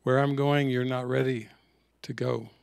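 A man quoting a calm, serene spiritual master. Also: medium pitch, normal speed, gravelly, clear, resonant tone, no room sound, clean studio sound, natural voice. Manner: quiet, matter-of-fact.

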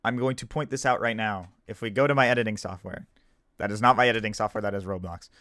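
A man's voice: lowish voice, steady tone, fast talker, fairly bright tone, no room sound. A man, just woken up, explaining himself in a casual video commentary, defensive and stumbling, repeating and restarting his sentences. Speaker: gaming YouTuber.

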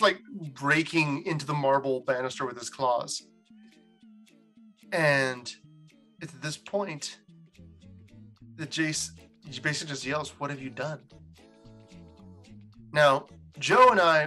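A man hosting a casual story recap, animated and laughing as he goes. His voice is bright and sits a little high, with faint music underneath. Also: unhurried. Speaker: host.

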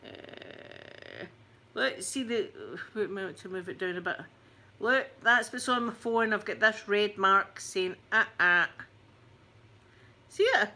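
A woman's voice: medium pitch, unhurried, pushed and bright. A woman in her forties with a thick Scottish accent, chatting to her camera in a rambling, self-mocking way. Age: 40s. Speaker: YouTuber.

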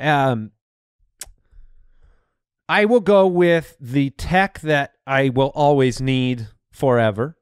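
A man's voice: medium pitch, takes it slowly, long pauses, clean tone, no echo, clean studio sound. A man co-hosting a comedy podcast, steering the draft with wry, teasing questions. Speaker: podcast co-host. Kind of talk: casual comedic banter.

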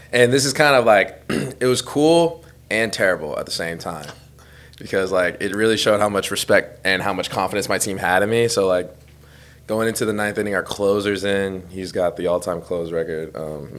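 A young man in his twenties, co-hosting a podcast, telling a rambling, self-deprecating story in a casual chat and laughing through it. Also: low-pitched. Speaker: podcast co-host.

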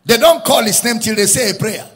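A man's voice: high-pitched, a little fast, fairly bright tone, in a large hall. A man preaching a sermon with emphatic repetition, often rising into a sing-song preaching cadence. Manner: emphatic, repeats lines, rises into sung preaching cadence.

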